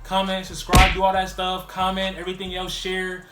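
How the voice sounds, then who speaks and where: A man's voice: high voice, completely flat delivery, normal speed, echoey room, over loud music. A man vlogging a casual storytime, rambling and full of "like" fillers. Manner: rambling, heavy use of "like" fillers.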